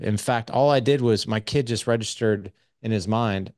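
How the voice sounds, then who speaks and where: A man's voice: mid-range voice, moderate pace, hardly any pauses, dry recording, clean studio sound. A man in his forties, a parenting coach on a podcast, talking casually and with energy, acting out bits of dialogue as he goes. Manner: energetic, acts out quoted dialogue; casual, swears lightly. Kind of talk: casual interview conversation.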